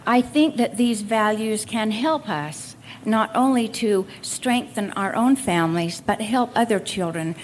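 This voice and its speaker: A woman's voice: mid-range voice, a little slow, hardly any pauses, slight background noise. An older woman giving a speech at a convention, telling homely family anecdotes in a folksy storytelling manner. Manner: folksy storytelling with occasional laughs. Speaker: convention speaker. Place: convention hall at a college.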